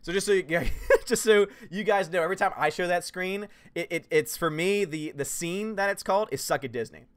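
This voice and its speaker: A man hosting a livestream, reading chat messages and answering in a casual, animated way with loud jokey outbursts. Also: high voice, brisk, clean tone, faint music behind. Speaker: YouTube channel host reading live chat.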